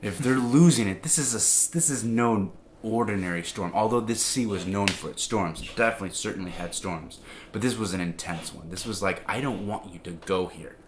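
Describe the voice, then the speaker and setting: A man giving an informal, conversational sermon, full of restarts and fillers, growing animated as he tells the story. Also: lowish voice, fairly quick, few pauses, background noise. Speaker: preacher.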